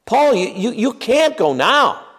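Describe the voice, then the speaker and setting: A man voicing distraught believers who beg their beloved teacher not to go, pleading in a high, frantic voice. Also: big pitch swings, a little slow, a bit bright, exaggerated voice.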